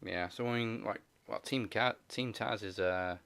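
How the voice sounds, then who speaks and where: A man with a low, gravelly voice walks through the week's wrestling results on a podcast. He keeps it relaxed and laughs easily between points. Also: a little slow, a crowd in the background. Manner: relaxed, recaps matches, laughs often. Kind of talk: casual recap of wrestling shows.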